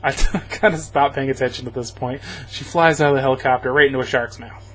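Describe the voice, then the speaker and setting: A man's voice: medium pitch, steady tone, a little fast, a bit bright, a little hiss or hum. A man giving a rambling, sarcastic spoken movie review, chuckling as he goes. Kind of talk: casual spoken film review.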